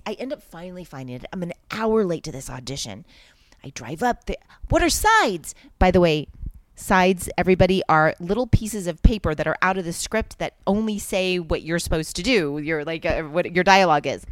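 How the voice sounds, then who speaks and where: A woman's voice: fairly low pitch, normal speed. A woman telling a story in a casual chat, acting out the voices of the people she quotes. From Texas. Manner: animated, acts out quoted voices. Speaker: guest.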